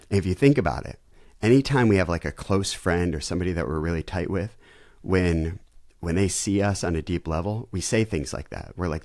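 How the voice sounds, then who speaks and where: A man's voice: low voice, normal speed, dry recording, studio quality. A man, a pastor, talking as a podcast guest and vividly acting out everyday family scenes. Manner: animated storyteller who acts out family scenes. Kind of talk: conversational interview.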